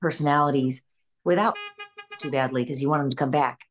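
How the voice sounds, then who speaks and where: An older woman from Illinois, USA, a voice actress appearing as a guest, trades stories in a casual interview and laughs often between them. Her voice is very deep and she speaks fairly quickly.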